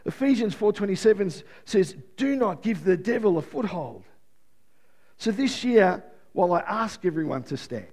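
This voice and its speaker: A man preaching a sermon to a church congregation and listeners at home, swinging from loud exclaiming to a quiet, prayerful tone. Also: high voice, big pitch swings, moderate pace. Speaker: pastor.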